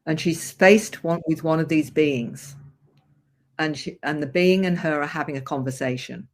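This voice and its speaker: A woman therapist with a low voice, appearing as a guest on a radio show, speaks at a moderate pace. She earnestly recounts a client's story in vivid detail, a piece of interview storytelling.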